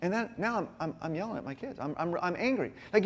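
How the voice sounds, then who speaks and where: A middle-aged man giving a sermon-style talk to a men's gathering, telling personal stories in a folksy, animated way. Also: high voice, fast. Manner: folksy, animated storytelling with frequent asides to the group. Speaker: speaker at a men's ministry gathering.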